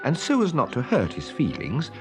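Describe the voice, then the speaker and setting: A man reading a children's story aloud with expressive, lively narration. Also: on the high side, normal speed, over music.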